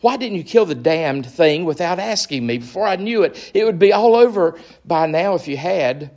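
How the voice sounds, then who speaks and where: A man's voice: fairly high pitch, animated, moderate pace, darkish tone, voice pushed up. A man voicing an irritable, desperate male ghost who stammers. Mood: exasperated. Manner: stammering, exasperated.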